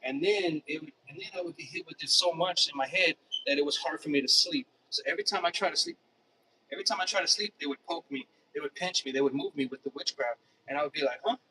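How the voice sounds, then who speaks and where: A man with a bright, fairly high voice talks in a loose, rambling monologue. He repeats words and restarts phrases a lot and keeps throwing in "dude". He sits a little away from the mic, with faint noise behind him. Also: quick pace, distant mic, poor audio.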